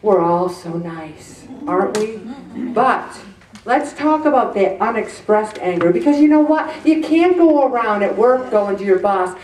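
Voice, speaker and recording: A woman giving an animated, joking, self-deprecating faith talk to a group. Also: on the high side, a little slow. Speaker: speaker addressing a group. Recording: echoey room, mic at a distance.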